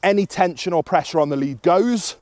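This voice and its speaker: A young man, a dog trainer, explaining a recall session in a calm and practical way, outdoors in an open field. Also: brisk, dry recording. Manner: explains calmly, then bursts into high excited praise for the dog.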